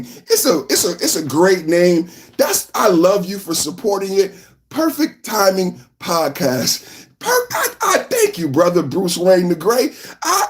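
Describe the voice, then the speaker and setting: High-voiced hype podcast man, shouting and singing. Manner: animated, sing-song hype with shouting and chanting. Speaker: podcast host. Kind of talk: live-stream commentary and news reading.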